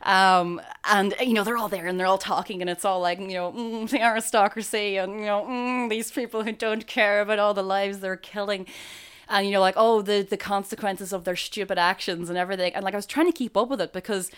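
A woman with an Irish accent talking casually as a podcast co-host, animated and chatty with lots of fillers and frequent laughs. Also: medium pitch, fairly quick, clean tone. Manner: laughs often while talking. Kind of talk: casual chat.

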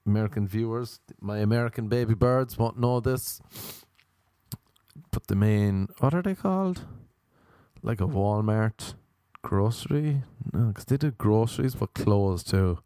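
A man's voice: on the low side, warm tone, no echo. Guy rambling on his podcast, voice bouncing all over, super dry close sound. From Ireland. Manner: playful, rambling, jokey with sudden sung and silly voices. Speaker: podcast host. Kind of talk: casual solo podcast monologue.

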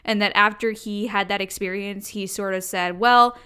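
Woman podcast cohost, bright voice, jokey, laughs a lot, throws in quick asides. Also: mid-range voice, level tone, clean tone. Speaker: podcast co-host. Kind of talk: casual chat.

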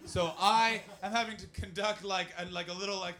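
A young man works a stand-up crowd, his voice sitting a little higher than most men's. He rambles from story to story, swearing freely and mocking himself, then turns to quiz the audience. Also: fairly even intonation, fairly quick, hardly any pauses, bright, forceful tone. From Canada. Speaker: stand-up comedian. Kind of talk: stand-up comedy set.

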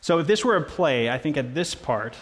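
A man's voice: a little high, lively intonation, brisk, breathy edge. A man, a pastor, preaching a sermon in a casual, conversational way with playful asides. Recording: long reverb of a large hall.

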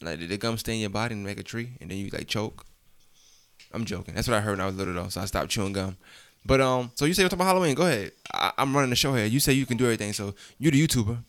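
A man's voice: on the low side, expressive, racing. A young father hosting a casual family vlog at home, teasing and joking with his kids in a rambling, playful way. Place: home, indoors.

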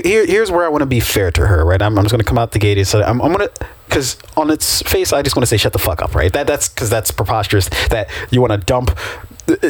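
A man's voice: fairly low pitch, no echo. A man co-hosting a casual podcast, laid-back and profane, laughing often. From United States. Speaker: podcast co-host.

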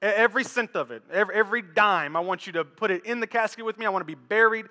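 A man's voice: high voice, very fast, sharp tone, long reverb tail. A preacher playing a stubborn, dying rich old man who insists on keeping everything.

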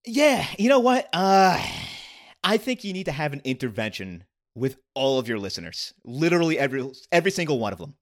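A man's voice: fairly high pitch, big pitch swings, fairly quick. A man guest-hosting a podcast, chatting playfully and mocking himself. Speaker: guest emcee. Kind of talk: casual chat.

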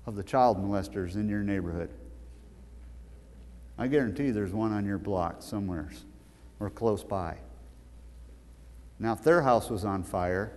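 A man preaching a sermon with emphatic, storytelling delivery that swells to loud peaks. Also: fairly low pitch. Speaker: pastor. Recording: long hall reverb.

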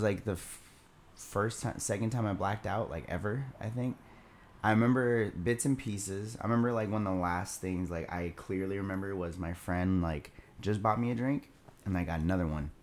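A man's voice: fairly low pitch, darkish tone, slight background noise. A young man casually telling a rowdy party story, loose and profane, laughing as he goes.

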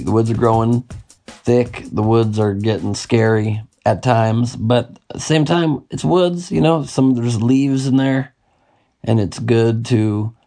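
A young man hosts a laid-back podcast in a low, gravelly, slightly husky voice. He rambles, jokes and slips into bits of song. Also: warm tone. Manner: jokey, rambling, breaks into song. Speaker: podcast host. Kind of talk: casual podcast chat.

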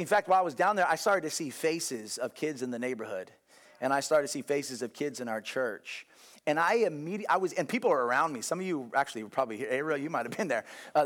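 Animated man preaching a casual sermon. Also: on the high side. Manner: animated storytelling, frequent restarts and asides to the congregation. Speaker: pastor. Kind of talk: conversational sermon.

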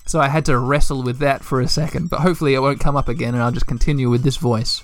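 Gamer doing a let's play, goofy sound effects, clean smooth voice, faint music behind. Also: mid-range voice, brisk. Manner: playful, animated, sound-effect heavy. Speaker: gaming podcast host.

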